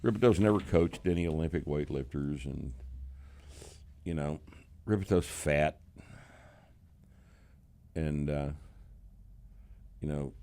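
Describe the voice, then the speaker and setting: A man with an extremely deep, low voice and a mild Texas accent holds forth in an unfiltered, profane chat. He is blunt and mocking, and he often laughs at his own jabs. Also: takes it slowly, long pauses, mellow. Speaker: podcast host.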